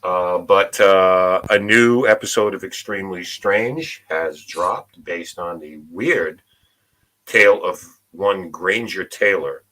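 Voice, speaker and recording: A man's voice: deep voice, slow pace. A man co-hosting a talk show, casually running through the upcoming lineup. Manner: relaxed, plugs upcoming shows. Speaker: co-host.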